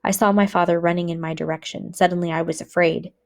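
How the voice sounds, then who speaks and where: Woman teacher, measured book reading for a class, lower pitch. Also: fairly even intonation.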